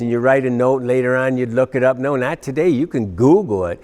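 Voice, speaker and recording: Male pastor, mid-pitched, casual teaching sermon, plays out quick scenes in quoted voices. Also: warm tone. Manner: conversational, with frequent fillers and repeated "right?"; acts out everyday cravings in quoted voices.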